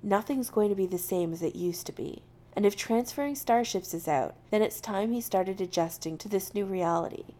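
A woman reading a piece of fiction aloud in a steady, matter-of-fact way. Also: mid-range voice, normal speed. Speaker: reader.

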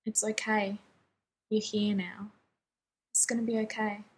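A woman reading the part of a grieving young man who pleads softly and apologetically to his younger brother in a fan fiction reading. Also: mid-range voice, flat delivery, measured pace, slight background noise, close to an everyday voice. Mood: gentle.

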